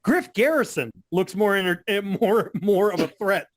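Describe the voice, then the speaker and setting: A man's voice: high voice, expressive, moderate pace, slight background noise. A man co-hosting a wrestling podcast, ranting in casual chat with frequent swearing and laughter. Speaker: podcast co-host.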